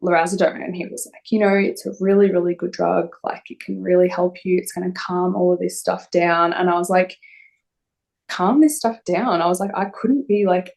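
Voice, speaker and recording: A young woman telling a personal story in an interview, halting and emotional with many fillers. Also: on the low side, little pitch movement, vocal fry, a little mellow. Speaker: interview guest.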